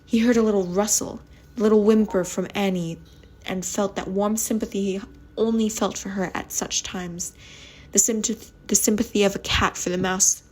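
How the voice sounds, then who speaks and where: A woman on an ASMR channel reading a spooky story aloud at home, softly, often stumbling over words and restarting them. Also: medium pitch, fairly even intonation, moderate pace, slightly rough.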